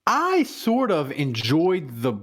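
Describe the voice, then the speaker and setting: Lively laughing podcast host, male. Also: high-pitched, takes it slowly. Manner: laughing, animated banter. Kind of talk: casual sports chat.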